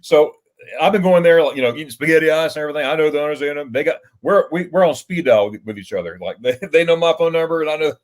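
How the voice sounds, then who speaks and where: A man's voice: a little high, fast. A man hosting a casual livestream chat, telling rambling stories with restarts and chuckles. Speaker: livestream host.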